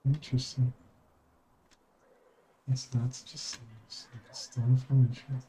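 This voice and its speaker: A man's voice: mid-range voice, little pitch movement, slow pace, warm tone, slight background noise, poor audio. A young man streaming a game, reading the dialogue and narration aloud in his own voice and dropping casual, swearing asides.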